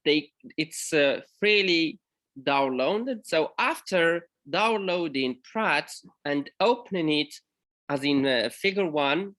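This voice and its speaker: Presenting at an academic conference, a man from Morocco who lectures at a university speaks haltingly, often pausing and correcting himself. His voice is fairly high-pitched with a fairly bright tone.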